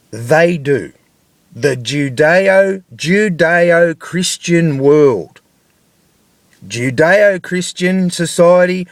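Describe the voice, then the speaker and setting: A man's voice: sits high, dry recording, studio quality. A middle-aged man with an Australian accent, ranting angrily to camera with lots of swearing and repeated rhetorical questions. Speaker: vlogger. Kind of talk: angry ranting monologue.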